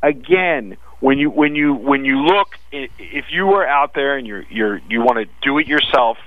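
A man with a Brooklyn accent analyzing sports betting odds on a radio talk show, talking fast with frequent restarts. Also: medium pitch, animated, dry recording, phone-quality sound. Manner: rapid with frequent restarts, "listen".

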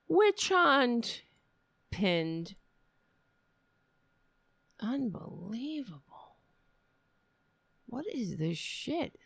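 A woman with a low, gravelly voice hosts a podcast, delivering angry political commentary as a sarcastic, profane rant full of mocking voices. She's animated yet slow, pausing often, and the recording is dry.

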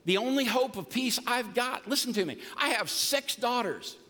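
A man's voice: very high-pitched, animated, moderate pace, bright, forceful tone. An older man preaching a sermon as pastor, emphatic and folksy with humor. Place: church sanctuary. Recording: long reverb of a large hall.

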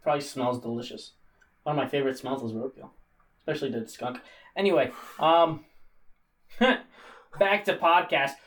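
A man's voice: medium pitch, moderate pace, pauses often, fairly bright tone, recorded from a distance. A man hosting a casual podcast, rambling and joking, often laughing as he talks. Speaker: podcast host.

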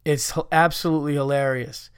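A man's voice: fairly high pitch, brisk, clear, resonant tone, no room sound, studio quality. Laughing, swearing male podcast host. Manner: loud animated riffing between readings, swearing and laughing. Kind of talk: reading listener stories aloud.

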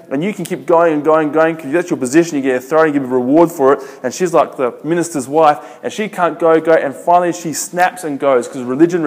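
A man's voice: a little high, a little mellow. Emphatic man preaching in a reverberant hall. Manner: emphatic, repetitive preaching with rhetorical questions. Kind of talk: sermon. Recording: long reverb of a large hall.

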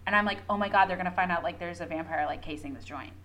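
A young woman co-hosting a podcast, retelling a story excitedly with lots of fillers and swearing. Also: lowish voice, racing, rough recording. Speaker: podcast co-host. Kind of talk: casual fandom chat.

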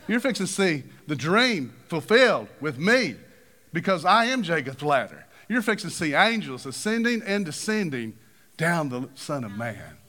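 Animated preacher, big swings. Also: male voice. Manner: animated, acts out quoted figures with big pitch swings. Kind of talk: sermon.

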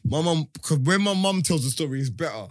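A young man, telling funny childhood stories in a relaxed chat with friends, full of slang and laughter. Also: a little high, fairly quick, dry recording, clean studio sound. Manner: animated storytelling, laughs often, slangy. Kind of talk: casual chat.

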